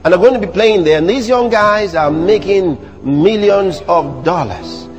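A man preaching a sermon to a church congregation, animated, teasing the audience with rhetorical questions and mimicry. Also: high voice, unhurried, long reverb tail, soft background music. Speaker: pastor.

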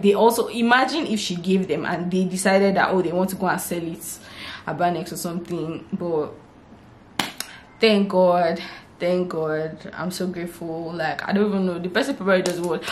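Nigerian woman in her twenties, roomy sound. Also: lowish voice. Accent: Nigerian English. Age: 20s. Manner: lively retelling, acting out what people said. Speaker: vlogger. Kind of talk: casual storytelling vlog. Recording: roomy echo, faint background hiss.

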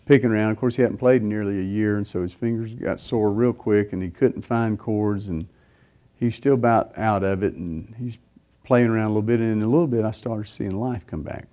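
Low, mellow man telling a story. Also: brisk. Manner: rambling storytelling, frequent fillers and restarts. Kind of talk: sermon testimony.

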